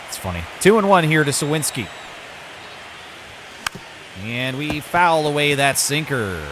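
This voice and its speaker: A man's voice: a little high, lively intonation, normal speed, background noise. A man commentating his own video game baseball season, switching between broadcaster-style calls and muttered asides. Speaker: gaming YouTuber.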